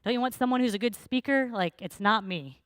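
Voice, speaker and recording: A woman's voice: a little high, drawn-out words, fairly bright tone, no echo, voice pushed up. A woman voicing a reluctant, self-doubting male shepherd in a whiny, pleading tone while preaching.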